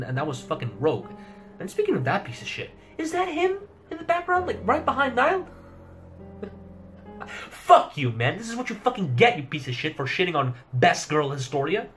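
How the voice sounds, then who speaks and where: A man's voice: fairly high pitch, a bit bright. A young man giving a rambling casual review of a manga chapter, swearing heavily and laughing often. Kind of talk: casual commentary.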